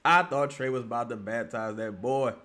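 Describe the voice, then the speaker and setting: A man livestreaming his reaction to a basketball game, talking casually with lots of profanity, muttering one moment and yelling the next. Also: medium pitch, moderate pace. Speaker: streamer reacting to a live game.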